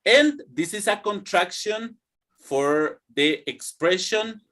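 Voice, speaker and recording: In an online class, a young male English teacher with a higher voice leads repeat-after-me drills. His delivery is slow, drawn-out, and animated.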